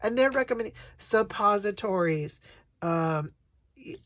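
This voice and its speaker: A woman's voice: medium pitch, expressive, unhurried, dry recording. A woman hosting a casual crafting vlog, chatting in a rambling way as she works at her craft table at home. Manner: chatty, rambling storyteller who laughs often. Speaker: craft channel host.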